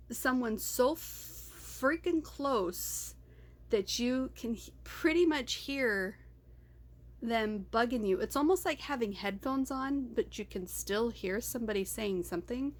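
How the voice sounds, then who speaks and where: A woman records an unedited personal video diary, talking straight to the camera. Her voice sits a little high for a woman. She wanders off topic, stops herself mid-thought and laughs easily as she goes. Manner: distracted, rambling, laughs often. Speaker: vlogger.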